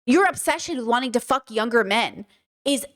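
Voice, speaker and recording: Blunt, high-voiced woman commentator. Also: lively intonation, moderate pace, a little hiss or hum. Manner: blunt, profane, emphatic. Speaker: commentary video host. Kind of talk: reaction commentary.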